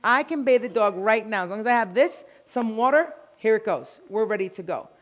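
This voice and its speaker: Lively woman teaching groomers. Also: a little high, a little fast. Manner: animated, storytelling, acts out quotes. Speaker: grooming educator. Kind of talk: live demo talk to an audience. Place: event hall with live audience.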